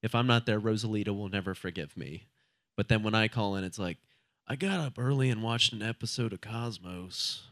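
A man's voice: fairly low pitch, brisk, fairly bright tone. A young man performing a stand-up comedy set on a club stage, laid-back and rambling, talking with the crowd between jokes.

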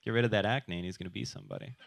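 A man's voice: fairly low pitch, rapid-fire, vocal fry. A man doing a stand-up comedy set, crude and self-deprecating, who keeps jumping into quoted voices. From South Dakota.

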